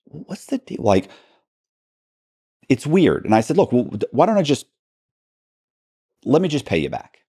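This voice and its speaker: A man telling a story as an interview guest, acting out quoted dialogue with halting restarts. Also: medium pitch, wildly swooping pitch, warm tone, breathy edge, no echo, studio quality.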